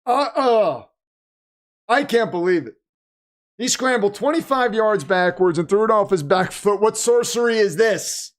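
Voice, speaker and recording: A man hosting a live watch party, reacting excitedly to the game and reading viewer comments aloud, his voice getting worn. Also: high-pitched, unhurried, long pauses. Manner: animated, exclaiming, reads chat aloud. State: losing his voice. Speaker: livestream host.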